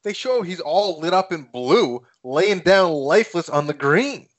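A man's voice: high-pitched, expressive, a little slow. A man co-hosting a podcast, chatting casually and musing with puzzled questions about a film. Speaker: podcast co-host.

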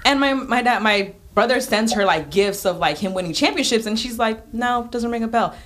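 A young woman telling a lively story on a radio talk show, acting out quotes with many fillers. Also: on the high side, moderate pace, slight background noise. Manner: animated, acts out quotes with lots of "like". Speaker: in-game host guest.

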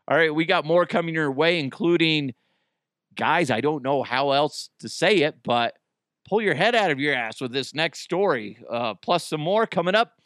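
A foul-mouthed man hosting a comedy podcast, joking around and laughing at his own bits. His voice sits a little high for a man, and it comes through dry and close, with no room sound. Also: expressive, normal speed, fairly bright tone, no room sound. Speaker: podcast host. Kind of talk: casual comedic podcast chat.

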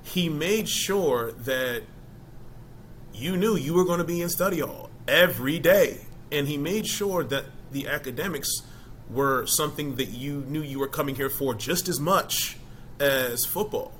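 A middle-aged man, a former college football player, talking casually in an interview as an animated storyteller who keeps asking "you know?". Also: a little high, measured pace, slight background noise.

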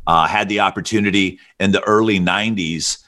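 A middle-aged man from Alabama with a rich, deep voice, telling stories as an interview guest. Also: brisk. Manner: relaxed storyteller with a deep radio-style voice. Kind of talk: storytelling interview.

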